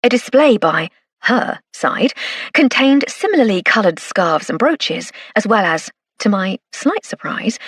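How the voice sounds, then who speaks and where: A woman's voice: medium pitch, breathy edge, no room sound. A woman narrating a first-person cozy mystery audiobook with arch, dry wit. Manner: arch, dryly witty.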